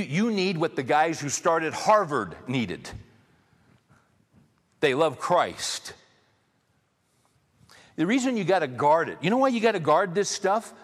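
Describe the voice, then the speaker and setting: A man preaching with a fairly high voice, pressing his points hard and repeating key lines for stress. He speaks straight to the congregation in a loose, conversational way. A long reverb trails his words around a large hall. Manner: conversational, addresses the congregation directly. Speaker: pastor. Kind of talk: sermon.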